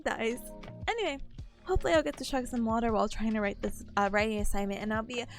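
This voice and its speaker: A woman's voice: fairly high pitch, quick pace, soft background music. A young woman streaming as a VTuber, chatting playfully with her viewers, giggly and a little sniffly. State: sniffly, voice a bit worn. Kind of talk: casual chat with stream chat.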